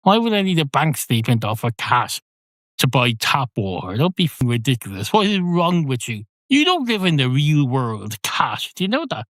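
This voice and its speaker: A man's voice: mid-range voice, sing-song, moderate pace, a bit bright, no echo. A man playing a fussy, officious barman who talks in a long-winded, exasperated way, in comic storytelling.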